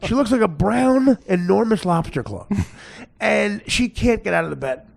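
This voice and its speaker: A man's voice: high voice, lively intonation, moderate pace, gravelly. A man hosting a comedy show, riffing crudely and mockingly, and laughing between his jokes. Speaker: comedian host.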